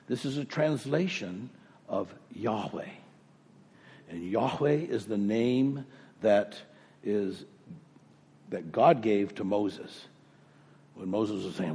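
A man's voice: mid-range voice, a little mellow, husky, big-room sound. A man preaching a sermon, reading scripture aloud with rising emphasis and asking the congregation questions. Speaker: pastor.

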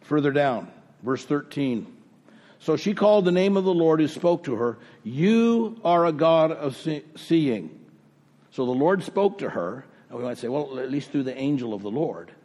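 A man's voice: fairly high pitch, very animated, moderate pace, darkish tone, big-room sound. A man preaching a sermon, reading scripture aloud with rising emphasis and asking the congregation questions. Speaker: pastor.

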